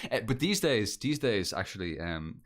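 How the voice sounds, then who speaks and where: A man's voice: lowish voice, big pitch swings, normal speed. An Irish man chatting casually on a podcast, rambling with many fillers and restarts. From Ireland. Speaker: podcast guest. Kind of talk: casual chat.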